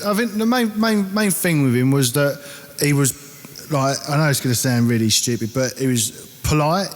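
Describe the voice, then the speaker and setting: A man with an Essex accent telling an animated, sweary band anecdote in casual conversation. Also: on the high side, moderate pace, long reverb tail. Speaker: band member. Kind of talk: casual storytelling.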